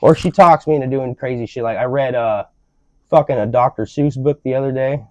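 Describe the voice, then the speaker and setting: A man hosts a podcast with a casual, profane, rambling rant, speaking at medium pitch in a warm tone and fairly quick pace. The recording is dry, lo-fi, and slightly dull.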